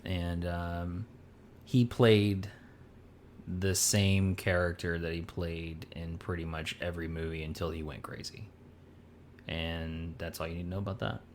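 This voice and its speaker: A man's voice: low voice, flat delivery, unhurried, a little hiss or hum. A man co-hosting a podcast, chatting casually and rambling as he searches for names. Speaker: podcast co-host. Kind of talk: casual chat.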